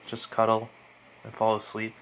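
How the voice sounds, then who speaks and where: A man putting on a tender young woman, pleading softly and quietly with barely any change in his own voice. Faint hiss runs under it. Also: on the low side, completely flat delivery, moderate pace, rough recording.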